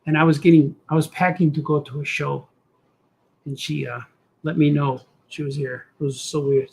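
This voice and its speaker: Middle-aged guy rambling while he draws, kinda husky, a bit high for a man, goofy and chatty. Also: flat delivery, moderate pace, a little mellow. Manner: goofy, talks to himself, does silly voices. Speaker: cartoonist host drawing on stream. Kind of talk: rambling casual chat while drawing.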